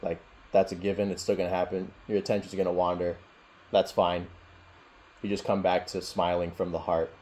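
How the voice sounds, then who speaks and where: Low-voiced man teaching meditation. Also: moderate pace, slight background noise. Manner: relaxed, rambling, laughs often. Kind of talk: casual teaching and Q&A. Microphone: video call.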